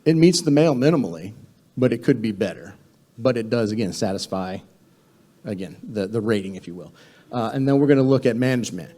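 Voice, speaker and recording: Mellow-voiced man giving a training talk. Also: medium pitch, lively intonation, a little fast. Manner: conversational, many fillers and restarts. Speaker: government contracting trainer. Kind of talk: live training presentation.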